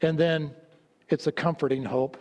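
A man preaching a sermon, telling stories and dropping low and slow to stress his points. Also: fairly even intonation, a little mellow, lo-fi sound. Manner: storytelling, drops low and slow for emphasis. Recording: long hall reverb.

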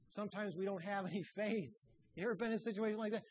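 A man preaching a sermon, telling stories and dropping his voice low and soft for emphasis. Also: fast talker, poor audio. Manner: storytelling preacher who drops to hushed tones.

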